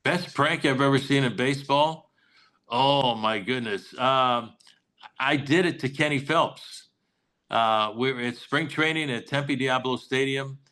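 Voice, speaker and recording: A man's voice: mid-range voice, unhurried, sharp tone, rough recording. An older man, a longtime baseball broadcaster, chatting as a guest and telling stories with quoted voices. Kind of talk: casual interview chat, storytelling.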